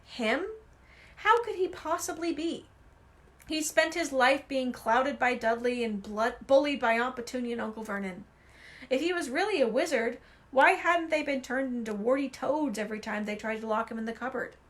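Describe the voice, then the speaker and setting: A woman reading a novel aloud with expressive, animated storytelling. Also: high voice, normal speed. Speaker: reader.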